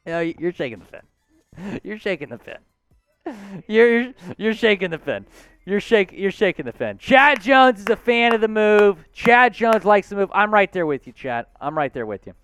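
Excitable high-voiced man hosting a live stream. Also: moderate pace, clean tone, dry recording, soft background music. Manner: excitable, shouts out supporters. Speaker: host. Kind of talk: live sports talk stream.

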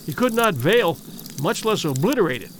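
High, lively male storybook narrator. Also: a little hiss or hum. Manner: measured, vivid, dramatic reading. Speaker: audiobook narrator.

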